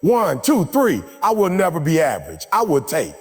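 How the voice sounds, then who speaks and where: A man with a fairly high, animated voice delivers a live motivational speech in a large hall. He preaches and drives the crowd through repeated call-and-response chants. His voice rings out with a long reverb over faint background music. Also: normal speed, slightly rough. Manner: forceful, repetitive exhortation. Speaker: motivational speaker.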